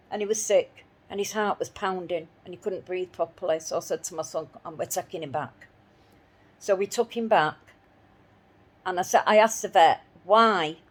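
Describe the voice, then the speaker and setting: A woman telling a personal story in an indignant voice, repeating herself as she replays her arguments. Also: mid-range voice. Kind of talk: spoken personal account.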